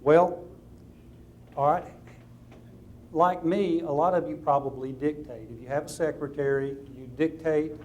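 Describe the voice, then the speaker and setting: A man's voice: a little high, steady tone, unhurried, long pauses, a little mellow, a little hiss or hum. Southern-drawling man giving a lecture. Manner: conversational, practical, with light anecdotes. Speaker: attorney giving a seminar talk. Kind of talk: conference presentation to lawyers.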